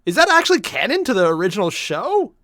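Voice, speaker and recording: A man's voice: sits high, very animated, fast, pushed and bright, no echo, clean studio sound. A man hosting a casual reaction video, rambling and repeating himself as he talks through his thoughts.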